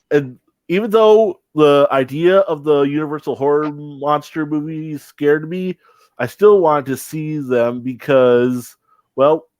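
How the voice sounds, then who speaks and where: A young man talks loosely on a podcast, circling back with fillers and false starts. His voice sits at an ordinary pitch. The sound is dry and close, with no room around it. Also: darkish tone, dry recording. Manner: rambling, many restarts and fillers. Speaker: podcast co-host. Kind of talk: casual chat.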